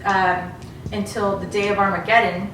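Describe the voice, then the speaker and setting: A woman's voice: mid-range voice, level tone, normal speed, a bit bright, recorded from a distance, faint music behind. A young woman in her twenties, a guest chatting casually with her sister and making dry, joking remarks. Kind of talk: casual chat. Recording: roomy echo, off-mic, faint hiss.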